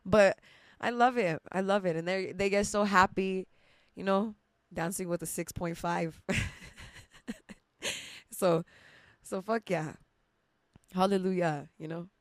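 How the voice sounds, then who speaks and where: A woman's voice: lowish voice, steady tone, a little slow, long pauses, dry recording, studio quality. A young woman hosting a podcast, telling a rambling personal story with lots of laughs and casual swearing. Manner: chatty and emotional, laughs often, swears casually. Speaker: podcast host.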